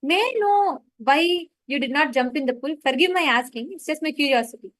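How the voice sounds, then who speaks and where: A woman voicing a calm, courteous male doctor at an asylum, asking out of curiosity. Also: high-pitched, a little fast, no room sound.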